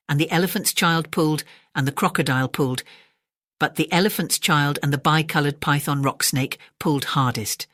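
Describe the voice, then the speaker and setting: A woman reading a bedtime story aloud in a calm, measured way, turning to the listener now and then. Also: low voice, dry recording, studio quality.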